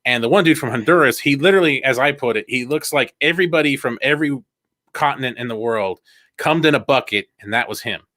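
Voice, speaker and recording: This man co-hosts a podcast in a loose, joking way, cursing freely and breaking into laughs. His voice is bright and clear. He sits on a dry, close mic with no room sound. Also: medium pitch, quick pace, dry recording. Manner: joking, profane, laughs often. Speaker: podcast co-host. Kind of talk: casual chat.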